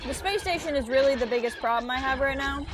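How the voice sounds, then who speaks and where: A woman's voice: high-pitched, fast, noisy background. A woman live streaming a strategy game, chatting casually and explaining her moves as she plays. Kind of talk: casual gameplay commentary.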